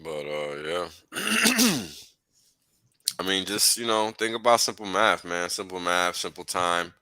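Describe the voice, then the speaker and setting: Bright, lively man hosting a chat. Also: sits low, slow, no echo. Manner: laughs often, loose and excitable. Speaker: host. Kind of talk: casual chat.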